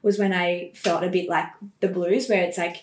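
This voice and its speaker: A young woman, a podcast guest, chatting casually and telling animated stories full of quoted dialogue. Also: lowish voice, normal speed, a little hiss or hum. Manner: animated storytelling, quoting others. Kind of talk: casual interview. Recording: roomy echo.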